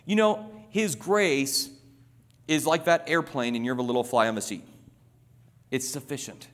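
A man's voice: mid-range voice, unhurried, fairly bright tone, in a large hall. A man preaching a sermon, emphatic and repetitive, building his points through illustrations.

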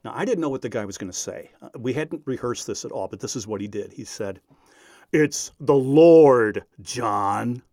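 A man recounting a personal story in an animated, self-deprecating way. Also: lowish voice, fast, few pauses, no room sound, clean studio sound. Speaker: radio speaker.

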